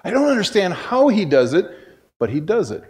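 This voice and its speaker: A man's voice: high voice, big pitch swings, fairly quick, darkish tone, slight background noise. A middle-aged male pastor giving a casual, storytelling sermon in a church, folksy and self-deprecating, often restarting his sentences. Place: church sanctuary.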